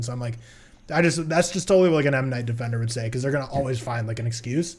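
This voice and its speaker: A man's voice: mid-range voice, fairly even intonation, fast talker, darkish tone. Rambling young man reviewing films. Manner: rambling, self-correcting film opinions. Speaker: podcast co-host. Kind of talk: casual chat.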